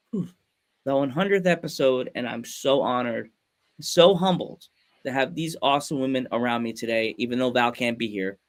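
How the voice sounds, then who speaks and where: A man's voice: a little high, fairly bright tone. A man hosting a podcast in casual, enthusiastic chat, rambling with fillers. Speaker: podcast host.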